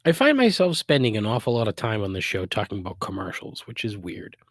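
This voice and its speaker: A man's voice: on the low side, huge pitch swings, fairly quick, no room sound, clean studio sound. A man with a Boston accent hosting a solo podcast, griping in a profane, exasperated way with sarcastic asides. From Boston area, USA. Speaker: podcast host.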